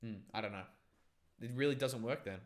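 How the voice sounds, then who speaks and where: A man's voice: medium pitch, a little hiss or hum. Swearing young man chatting. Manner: swears a lot, jumps between quick impressions of accents. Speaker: podcast co-host. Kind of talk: casual chat.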